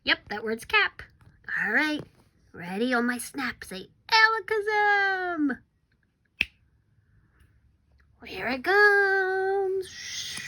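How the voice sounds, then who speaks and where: A woman teaching a recorded phonics lesson to young children, slow and encouraging, sometimes dropping to a whisper for suspense. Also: high-pitched, pushed and bright.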